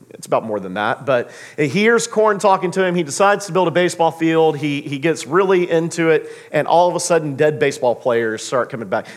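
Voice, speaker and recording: A man in his thirties preaching a sermon as pastor, telling a story with lively, acted-out quotes. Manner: animated storyteller, acts out quotes with big pitch jumps.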